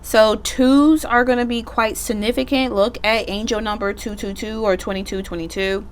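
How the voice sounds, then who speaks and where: A woman's voice: a little high, steady tone, moderate pace, slight background noise. A woman giving a casual pick-a-card tarot reading, chatty and slangy, joking about herself and swearing offhandedly. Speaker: tarot reader.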